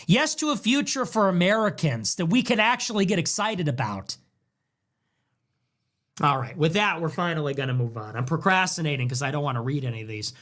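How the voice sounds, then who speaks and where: A male livestream host in full rant, voice pitched high and swinging widely as he hammers his points with repeated phrases. His voice sounds strained and worn from hours of talking live. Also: lively intonation, brisk, a bit bright. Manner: ranting, emphatic repetition. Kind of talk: heated livestream monologue.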